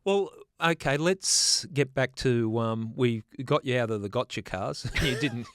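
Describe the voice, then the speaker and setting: Relaxed, chatty man. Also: medium pitch, measured pace, dry recording, clean studio sound. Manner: relaxed, chatty, laughs easily. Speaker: podcast host, former detective. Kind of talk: casual interview.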